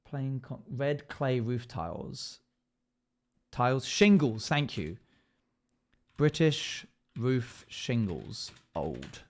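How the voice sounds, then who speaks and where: A young man live-streaming, chatting casually as he builds and thinking out loud while he answers chat. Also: mid-range voice, expressive, drawn-out words.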